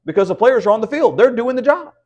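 A man's voice: extremely high pitch, expressive, fast talker, darkish tone, muffled recording. A man teaching the Bible at a house church, preaching conversationally and often asking rhetorical questions. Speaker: pastor.

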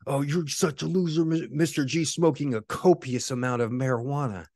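A man's voice: mid-range voice, normal speed, darkish tone, no echo, clean studio sound, pitched above the performer's own voice, close to an everyday voice. A man mimicking a sneering male online troll in a whiny, mocking voice.

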